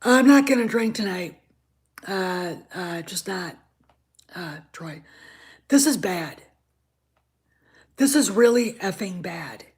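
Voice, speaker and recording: A woman hosting her own show, ranting in anger, swearing freely, stammering and repeating herself, dropping from shouts to muttered asides. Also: mid-range voice, lively intonation, slow pace, long pauses. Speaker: show host. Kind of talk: angry ranting commentary.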